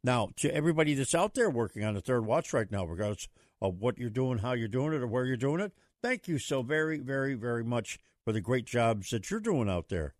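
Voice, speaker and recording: A man hosting a political talk radio show, delivering with a booming, theatrical announcer style. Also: lively intonation, fairly quick, dry recording, clean studio sound.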